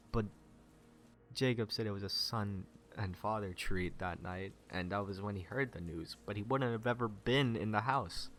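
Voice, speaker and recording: A man with a somewhat low voice reads a story game's dialogue aloud in a casual let's-play. He swears freely and laughs off his own slips. He pushes the player's lines into rising anger. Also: fairly bright tone, a little hiss or hum. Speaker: gamer playing a story game.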